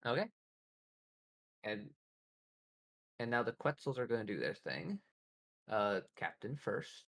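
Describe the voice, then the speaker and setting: Gravelly man running a tabletop game. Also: fairly low pitch, sing-song, slow pace, long pauses, a bit bright. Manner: laughing, loose and chatty. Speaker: game master.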